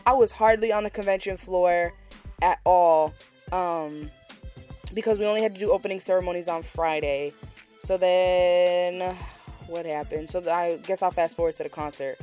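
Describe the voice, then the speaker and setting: A young woman with a fairly low voice chats casually through a solo podcast recap. She gushes and repeats words for emphasis. Soft music plays faintly under her talk. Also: normal speed. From Massachusetts, USA. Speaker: podcast host.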